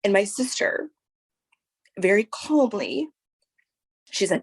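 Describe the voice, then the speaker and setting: A woman telling a personal story as a guest, lively and full of "like" and "right?", acting out what others said. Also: fairly low pitch, moderate pace, gravelly. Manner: animated storytelling, acting out quoted voices; frequent fillers like "like" and "right?". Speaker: guest sharing her story. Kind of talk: personal testimony.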